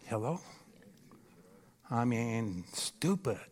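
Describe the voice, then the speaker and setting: Male preacher, lively sermon delivery, punchy rhetorical check-ins with a live congregation. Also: medium pitch, very slow. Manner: animated and emphatic, with frequent rhetorical "Hello?" checks. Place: church stage before a live audience.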